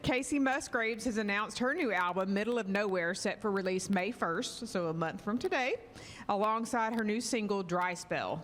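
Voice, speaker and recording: A woman's voice: medium pitch, moderate pace, fairly bright tone, big-room sound. A woman co-hosting a radio show, giving casual updates and reading country music news, often saying "like". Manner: casual, many "like" fillers.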